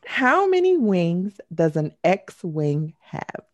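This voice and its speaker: A woman hosting a casual trivia podcast who laughs often and reads out questions slowly. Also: fairly low pitch, very animated. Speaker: trivia quiz host.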